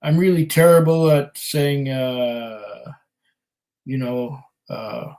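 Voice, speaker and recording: A man's voice: mid-range voice, level tone, slow pace, darkish tone, poor audio. A man hosting a whisky channel, casually reading viewer comments aloud on a livestream in a rambling, self-deprecating way. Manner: rambling and self-deprecating, with many fillers and laughs.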